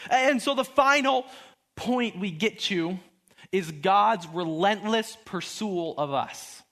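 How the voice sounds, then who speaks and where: A man in his twenties giving a sermon through animated storytelling, acting out the quotes in his stories. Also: high-pitched, slow. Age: 20s.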